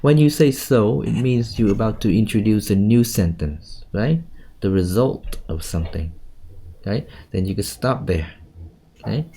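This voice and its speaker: A man's voice: lowish voice, lively intonation, moderate pace, warm tone, slight background noise. A man coaching a student for a speaking test, correcting her often and ending phrases with "okay?". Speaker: IELTS speaking teacher.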